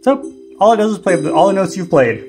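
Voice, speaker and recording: A man's voice: high voice, expressive, brisk, darkish tone. A man hosting a music gear tutorial, explaining casually and unhurriedly with frequent ums and restarts. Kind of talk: casual instructional demo.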